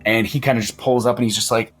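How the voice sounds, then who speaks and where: Husky-voiced man running a tabletop game. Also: medium pitch, steady tone, fast talker. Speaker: game master.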